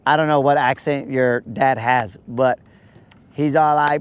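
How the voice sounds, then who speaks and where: A man hosting a live fishing stream, chatting casually and teasing his viewers in a joking, drawn-out way. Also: medium pitch, fairly even intonation, smooth. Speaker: fishing livestream host.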